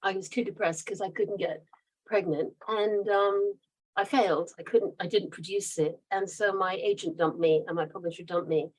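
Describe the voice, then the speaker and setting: A woman's voice: mid-range voice, steady tone, normal speed, a little mellow, low-quality recording. Chatty mid-Atlantic woman in her fifties. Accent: mid-Atlantic, between American and British. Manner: chatty, rambling, laughs often. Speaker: guest author. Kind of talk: casual interview storytelling.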